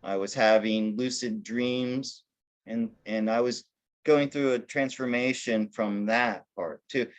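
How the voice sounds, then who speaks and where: A man's voice: mid-range voice, fairly even intonation, takes it slowly, lo-fi sound. Rambling man telling his life story. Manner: rambling, with many restarts and self-corrections; self-deprecating, laughing at himself. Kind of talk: casual storytelling in an interview.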